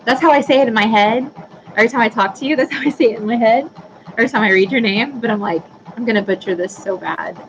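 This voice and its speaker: A woman's voice: fairly high pitch, quick pace, highs cut off, noisy background. A woman in her thirties hosting a casual live stream, chatting with viewers by name and apologizing easily. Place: home workroom with a sewing machine running.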